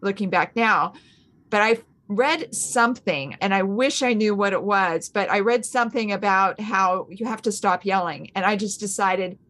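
A middle-aged woman, a homeschooling mother on a podcast, telling stories in an animated, casual way. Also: mid-range voice, normal speed. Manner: animated storytelling, acts out her own past thoughts. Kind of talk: casual conversational chat.

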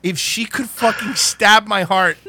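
A man hosting a podcast, telling a comedic story in a rambling, animated way and laughing at his own jokes. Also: high-pitched, measured pace.

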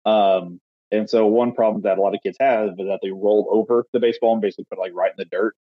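A man's voice: on the low side, fairly even intonation, fast talker, breathy edge, no echo, phone-quality sound. A man co-hosting a casual podcast, a baseball coach telling jokey stories about his drills. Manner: joking storyteller. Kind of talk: casual chat.

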